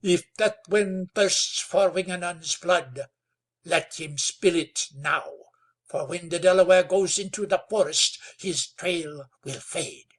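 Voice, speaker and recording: A proud old chief speaks slowly and calmly, with grave dignity, as the narrator puts him on. His voice is husky and unhurried, and every phrase comes out measured and solemn. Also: high voice, voice pushed up, full character voice. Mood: defiant. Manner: slow, calm, sonorous.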